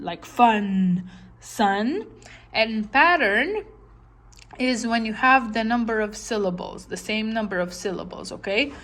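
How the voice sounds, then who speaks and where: A woman's voice: mid-range voice, fairly bright tone. A woman teaching a lesson, patiently repeating words and checking in with her listeners. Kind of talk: classroom lesson, explaining slowly.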